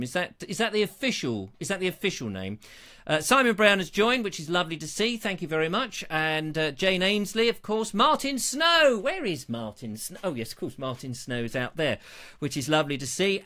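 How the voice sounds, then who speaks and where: A man's voice: sits high, pushed and bright. A man hosting his own live show, chatting in a rambling, self-mocking, jokey way. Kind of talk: chatty live-stream banter.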